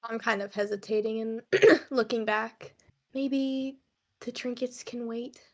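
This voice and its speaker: A woman's voice: on the high side, takes it slowly. A woman playing a tabletop game, talking in character in a hesitant, thoughtful way. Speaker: player. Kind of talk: tabletop role-play in character.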